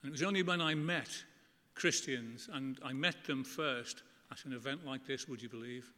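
A middle-aged man preaching a sermon to a church congregation, earnest and conversational, with emphatic pauses. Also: medium pitch, pushed and bright. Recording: long church reverb.

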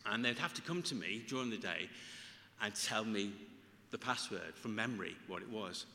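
A man preaching with a forceful, ringing delivery, earnest and emphatic as he stops and restarts his phrases. His voice carries a long reverb from a large, echoey room. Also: on the low side, lively intonation, normal speed, creaky. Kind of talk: sermon.

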